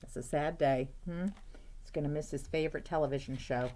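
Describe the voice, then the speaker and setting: A woman's voice: sits low, fairly even intonation, brisk, dark tone. A woman teacher reading a picture book aloud to children, chatty and asking them questions, with frequent "uh-oh"s.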